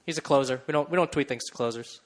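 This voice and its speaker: A man's voice: medium pitch, fast. A young man hosting a sports radio show, bantering casually and laughing easily.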